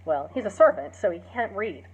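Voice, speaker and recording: A woman's voice: medium pitch, sing-song, brisk, husky. A woman, a teacher, casually retelling a play's story, chatty with many fillers and acting out the quoted lines. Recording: dull lo-fi recording.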